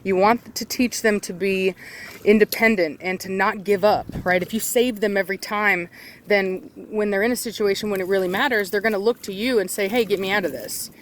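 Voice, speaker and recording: A mid-pitched dog trainer explains puppy training in a relaxed, chatty way, pausing on fillers and restarting sentences. It is recorded outdoors beside water. Engine rumble and water sounds come through clearly. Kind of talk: casual outdoor training vlog.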